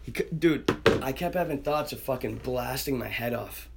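With a gravelly, husky, mid-range voice at a moderate pace, a young podcast guest spins a wild tale in loose conversation. He swears nonstop, stays animated throughout, and imitates the voices of the people he quotes.

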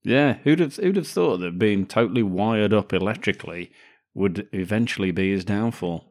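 A man's voice: on the low side, lively intonation, moderate pace. A man co-hosting a casual film podcast, bantering crudely and laughing often as he recaps scenes. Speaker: podcast co-host. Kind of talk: casual film-review chat.

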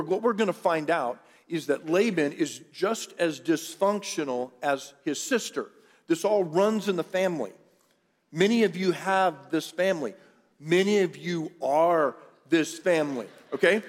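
A middle-aged pastor with a voice pitched slightly high for a man tells a story in a loose, conversational sermon. He tosses chatty, joking asides to his congregation, and his words echo through a large church sanctuary with a long reverb tail.

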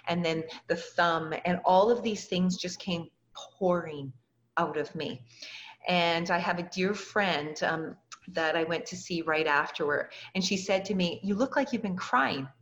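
An earnest woman is the guest in an interview, telling her own story and slipping into the voices of the people she quotes. Her voice sits on the low side. The recording sounds dull and lo-fi. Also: fairly even intonation, measured pace. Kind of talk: personal storytelling in conversation.

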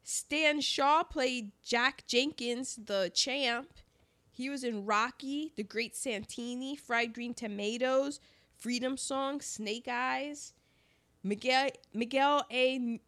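High-pitched woman chatting about a movie, bright voice, laughs a lot. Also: takes it slowly. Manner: animated, laughs often, acts out characters. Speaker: podcast co-host. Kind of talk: casual movie chat.

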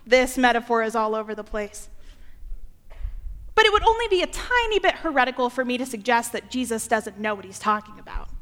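A woman's voice: fairly high pitch, sharp tone, in a large hall. A young woman preaching a sermon, playful and joking as she talks.

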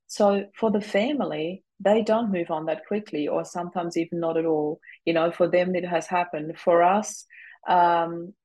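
Woman, husky, lowish voice, calm, measured, interview guest. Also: rough recording. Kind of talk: reflective conversation.

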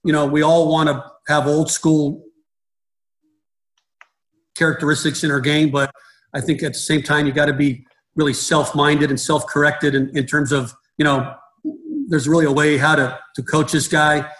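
A middle-aged man, a baseball coach, talks through his ideas in an interview. His voice sits a little high for a man, and he keeps restarting and repeating words as he goes. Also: little pitch movement, normal speed, fairly bright tone, low-quality recording. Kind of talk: conversational interview.

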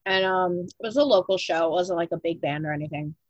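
Chatty young woman, lowish voice. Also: fast, no echo, muffled recording. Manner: chatty, frequent "like" fillers, swears casually. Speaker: podcast co-host. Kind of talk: casual chat.

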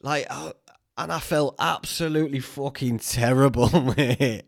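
A young man with a broad Northern English accent talks in a loose, rambling podcast chat. His voice sits at an ordinary middle pitch, and he drifts between tangents with easy swearing. The close podcast mic keeps it direct and conversational. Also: unhurried, vocal fry. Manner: chatty, swears freely, tangential storytelling. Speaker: podcast host.

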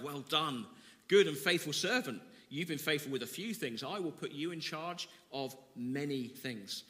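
A man's voice: on the high side, pushed and bright, big-room sound. A man preaching a sermon, reading scripture with dramatic emphasis and then explaining it conversationally. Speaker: pastor.

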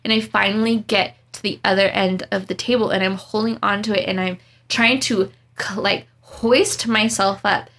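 Bright, gravelly young woman telling a story. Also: medium pitch, normal speed, hardly any pauses. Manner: animated, dramatic, laughs through the story. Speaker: storyteller guest. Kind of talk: casual storytelling chat.

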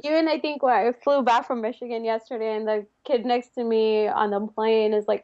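A woman's voice: a little high, steady tone, fairly quick, hardly any pauses, no room sound. Laughing young woman, dull dry sound. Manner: laughs often, quotes people in little asides. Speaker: henna artist. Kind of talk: casual chat.

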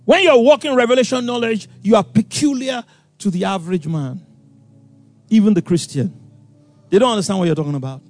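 A man preaching a sermon, animated and acting out voices, with sudden loud outbursts. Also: high voice, brisk, pauses often, no room sound, faint music behind. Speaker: pastor.

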